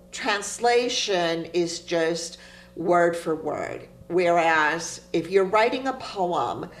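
Woman, from Cuba, poet guest, animated storyteller, lowish voice, faint hum behind. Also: low-quality recording. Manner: animated storytelling, laughs often. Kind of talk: interview conversation.

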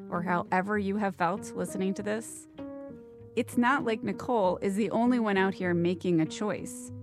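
A woman host giving measured, reflective scripted narration. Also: medium pitch. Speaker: podcast host. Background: music.

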